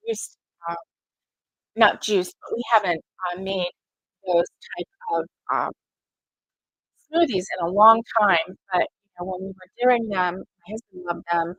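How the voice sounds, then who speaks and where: A woman's voice: medium pitch, fairly bright tone, dry recording, muffled recording. A middle-aged woman telling a rambling story in a casual chat, full of fillers and quoted dialogue. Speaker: crochet vlogger.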